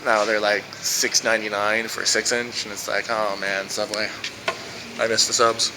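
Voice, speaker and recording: A man vlogging from his car in a parking lot, ranting sarcastically and swearing, breaking into mocking high yells. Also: noisy background. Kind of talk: casual vlog ranting while driving.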